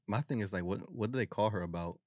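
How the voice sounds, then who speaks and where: A young man co-hosting a podcast in casual chat, slangy and quick to laugh. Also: on the low side, a little mellow, no room sound. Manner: slangy, laughs often, acts out quick voices. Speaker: podcast co-host.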